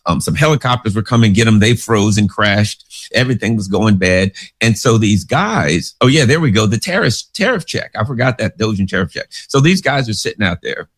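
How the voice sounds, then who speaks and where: A man's voice: lowish voice, expressive, fairly quick. A man giving casual, sarcastic political commentary, rambling through stories and asides.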